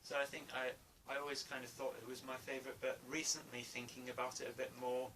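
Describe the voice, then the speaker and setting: A man's voice: medium pitch, flat delivery, quick pace, bright, forceful tone. A man giving a casual spoken film review, hesitant, with many fillers and restarts. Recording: distant mic, faint room noise.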